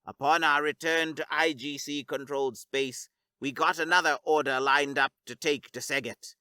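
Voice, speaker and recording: A man narrating a scripted science fiction story in a steady, even storytelling read. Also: on the high side, moderate pace, smooth, no room sound.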